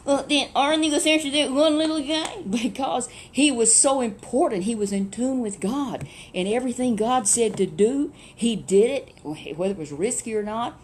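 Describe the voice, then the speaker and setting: A woman casually retelling a Bible story, chatty and animated, with many rhetorical questions. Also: a little high, moderate pace, a little hiss or hum.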